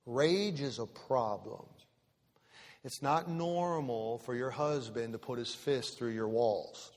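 Brief: male pastor, middle pitch, emphatic sermon with repeated questions to the room, long hall reverb. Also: slow pace. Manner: emphatic, repetitive, questioning the congregation.

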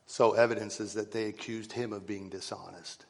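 A man preaching a sermon to his congregation, swinging from loud rising calls to hushed, whispered lines. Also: lowish voice, fairly even intonation, moderate pace, vocal fry. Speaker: pastor. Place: church sanctuary. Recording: long reverb of a church hall.

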